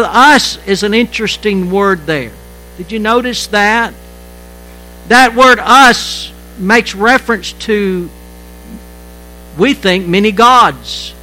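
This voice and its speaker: A man preaching a sermon as pastor, halting and repeating words, shifting between quiet stretches and emphatic lines. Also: high-pitched, rough recording.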